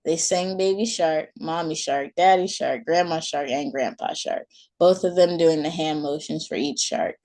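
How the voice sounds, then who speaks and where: A woman reading her own short story aloud in a calm, soft manner. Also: sits low, normal speed. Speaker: author and storyteller.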